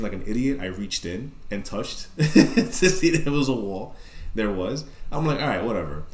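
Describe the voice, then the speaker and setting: A man's voice: mid-range voice, reverberant. A man with a New York accent telling a story casually, with lots of swearing and filler words. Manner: profane, animated storyteller, many fillers. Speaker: podcast guest telling a story.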